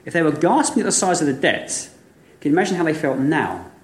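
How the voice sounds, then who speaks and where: Animated preacher man, echoey room. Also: on the high side, quick pace. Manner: animated storytelling, rhetorical questions. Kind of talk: sermon.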